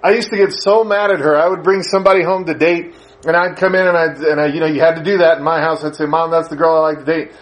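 Male preacher, lively storyteller, slightly high voice. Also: fast talker. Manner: animated storytelling, pitch rising with emphasis. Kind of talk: sermon.

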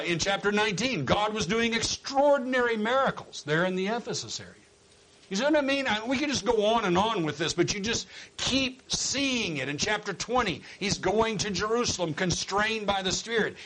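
Husky Bible class teacher, man. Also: fairly high pitch, fairly bright tone, poor audio. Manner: emphatic, conversational, with wry humor.

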